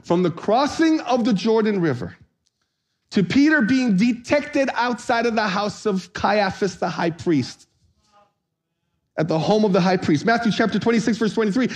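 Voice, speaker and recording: A high-pitched man preaches with lively, playful energy. He calls out to the congregation for responses and jokes his way through the sermon. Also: moderate pace. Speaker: pastor.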